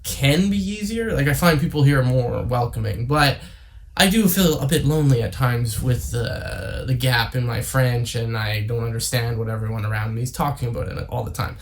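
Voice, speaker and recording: A man's voice: mid-range voice, normal speed, creaky. A young man from Canada talking casually to camera, rambling with many fillers and tangents. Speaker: YouTuber. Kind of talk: casual vlog monologue.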